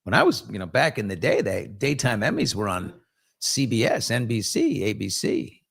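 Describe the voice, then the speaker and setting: A man's voice: on the low side, huge pitch swings, moderate pace, vocal fry, a bit bright, breathy edge. A middle-aged man hosting a casual live morning talk show, blunt and sarcastic, now and then mimicking other voices. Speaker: host.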